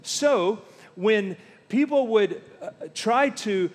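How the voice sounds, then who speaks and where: A middle-aged man preaching a sermon, telling stories and slowing down to stress key words. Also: high voice, animated. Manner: storytelling preacher, slows down for emphasis. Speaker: pastor. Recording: long hall reverb.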